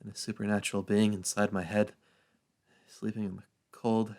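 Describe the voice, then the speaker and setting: A man playing a weary, protective character in a fan audio drama, speaking quietly. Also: on the low side, level tone, moderate pace, close to an everyday voice. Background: music.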